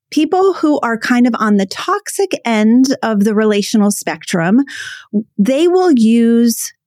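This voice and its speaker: Her voice slightly high and darkish, an ADHD coach hosting her own podcast speaks to listeners with earnest emphasis, circling back to her key phrases again and again. The studio-quality recording has no echo.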